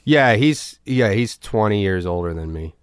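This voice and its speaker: A man's voice: on the low side, lively intonation, normal speed, clear, resonant tone, dry recording, clean studio sound. A man in his thirties from Philadelphia, a comedian guest telling family stories in a loose, rambling way, with casual swearing. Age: 30s. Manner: rambling, restarts sentences, swears casually, acts out relatives. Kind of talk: casual podcast conversation.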